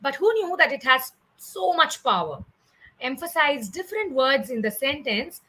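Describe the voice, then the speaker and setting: A woman's voice: high voice, big pitch swings, moderate pace, sharp tone, low-quality recording. A woman with an Indian English accent teaching comedy in a live online class, explaining step by step and often checking in with "right?". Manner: explanatory, frequent "right?" tag questions and "uh" fillers.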